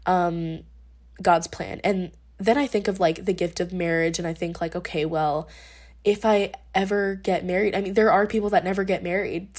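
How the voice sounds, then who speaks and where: A young woman hosts a podcast, her voice fairly low-pitched and a little mellow. She thinks out loud in a casual, rambling monologue full of fillers and restarts.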